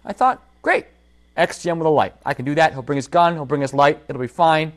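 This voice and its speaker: A man's voice: fairly high pitch, brisk. A man hosting a casual livestream, telling a story from his workshop and talking straight to his viewers. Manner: animated storytelling, addresses viewers directly. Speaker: holster maker and livestream host.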